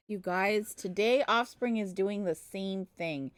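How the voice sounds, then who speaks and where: A woman's voice: mid-range voice, takes it slowly, dry recording. A woman at home, chatting on a live stream with exasperated, playful storytelling and teasing. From Canada. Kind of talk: casual live-stream chat.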